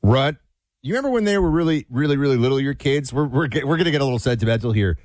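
A man's voice: medium pitch, expressive, fast talker, darkish tone, dry recording, studio quality. A man co-hosting a talk show, playful and sentimental in a casual, chatty way. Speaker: co-host.

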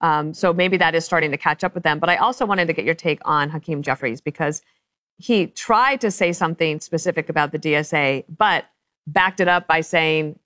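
A woman hosting a television news panel show, reading introductions and questions in a brisk, crisp anchor delivery on a studio microphone. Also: low-pitched, a bit bright, no room sound. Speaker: talk show host.

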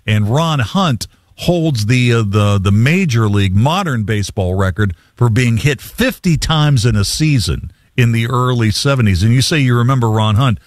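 A man's voice: medium pitch, expressive, normal speed, dry recording. A man hosting a sports radio call-in show, chatty, reading trivia with easy asides.

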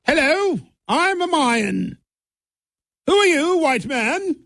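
A man voicing a haughty ancient Mayan man, with a high, plummy, mocking tone like British royalty. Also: big pitch swings, slow pace, gravelly, a bit bright, no echo, clean studio sound, heavily acted.

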